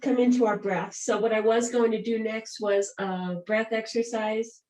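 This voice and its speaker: A woman teaching a gentle yoga and breathing class, guiding calmly and softly. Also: on the high side, moderate pace. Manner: calm, gentle, soothing guidance. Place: room where she does yoga on a mat. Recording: roomy sound from a distant mic.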